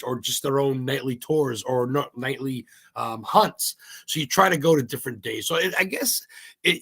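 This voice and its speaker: A man from Maine, a podcast guest, talking in a rambling, excitable way and swearing freely. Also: medium pitch, vocal fry, slightly rough. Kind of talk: casual interview chat.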